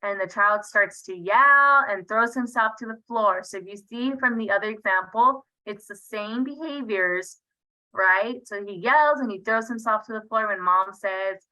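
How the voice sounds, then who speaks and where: Bright-voiced woman teaching over video call. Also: mid-range voice, moderate pace, low-quality recording. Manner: conversational, checks in with frequent "right?". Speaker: parenting workshop presenter. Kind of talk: online workshop teaching. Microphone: video call computer mic.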